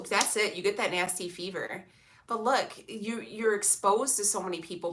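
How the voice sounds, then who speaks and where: Sassy young woman streamer, crisp bright tone, blunt slangy chatter. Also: mid-range voice, a little hiss or hum. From Illinois, USA. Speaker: vlogger reading live chat. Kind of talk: casual live-stream chat.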